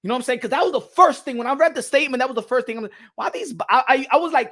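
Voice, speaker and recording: A man hosting a boxing channel in casual reaction commentary, excitable and profane, laughing often and repeating himself. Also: extremely high pitch, rapid-fire, few pauses. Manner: repeats himself, bursts into yelps.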